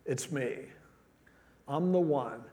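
A man preaching, putting on a guilty, evasive man who mutters in a lower, quieter voice. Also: takes it slowly, natural voice. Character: guilty, evasive man hiding his crime.

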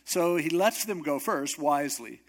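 A man's voice: on the high side, unhurried. A male pastor giving a sermon, telling a story in a casual, joking way.

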